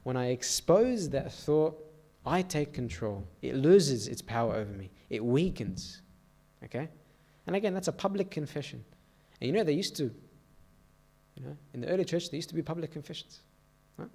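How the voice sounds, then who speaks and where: Youth speaker, male, slightly raised pitch; church sermon told through stories, keeps asking "all right?". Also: lively intonation, normal speed, gravelly, mellow.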